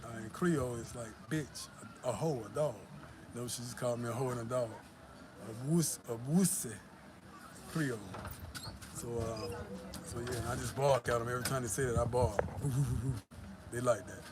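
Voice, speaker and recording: A man's voice: medium pitch, moderate pace. Casual male vlogger, worn out after a workout, loose and profane, heavy traffic noise behind him. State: tired after the gym. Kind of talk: casual vlog talk. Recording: loud traffic and street noise.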